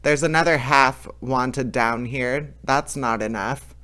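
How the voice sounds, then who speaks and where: A man reading as a fearless young hero from an old fairy tale, cheerful and cocky, never rattled by anything. The voice is smooth and clear, at an ordinary middle pitch. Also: takes it slowly, pushed and bright. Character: bold fearless young man who cannot shudder. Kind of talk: storybook reading.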